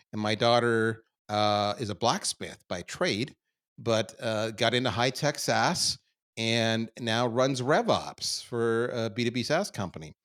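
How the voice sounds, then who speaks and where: Middle-aged canadian guy on a podcast, self-deprecating, goes from quiet to loud. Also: medium pitch. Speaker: podcast guest. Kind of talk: candid conversational storytelling.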